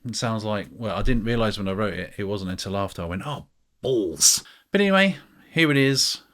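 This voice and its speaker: Man, British accent, slightly low pitch, casual vlog chat, rambling, self-mocking. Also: lively intonation, quick pace, a bit bright. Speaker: music vlogger.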